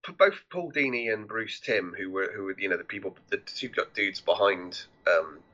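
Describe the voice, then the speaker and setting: A man's voice: on the low side, normal speed, pushed and bright, lo-fi sound. A man co-hosting a casual film review podcast, rambling and restarting his sentences often. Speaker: podcast co-host.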